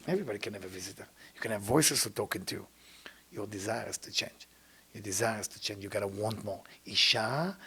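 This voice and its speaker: A man giving a spiritual lecture as a Kabbalah teacher, speaking non-native English with broken grammar. He acts out the people he quotes and sometimes drops to a hush. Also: lowish voice, slightly rough.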